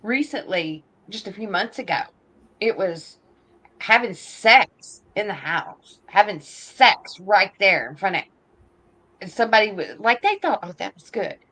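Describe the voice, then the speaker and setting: A woman's voice: medium pitch, lively intonation, a little slow, pushed and bright. A woman in her fifties hosting a podcast, talking politics in a heated, emphatic rant. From United States. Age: 50s. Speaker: podcast host. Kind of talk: political opinion talk.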